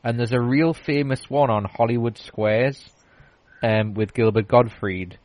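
A man's voice: medium pitch, steady tone, unhurried, a little mellow, no room sound, poor audio. Rambling man in casual chat. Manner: rambling, many restarts and fillers. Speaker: podcast host.

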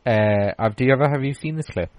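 A man's voice: mid-range voice, quick pace, a little mellow, no echo, low-quality recording. A man hosting a podcast, chatting casually and rambling through stories with lots of restarts and fillers. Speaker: podcast host. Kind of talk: casual chat.

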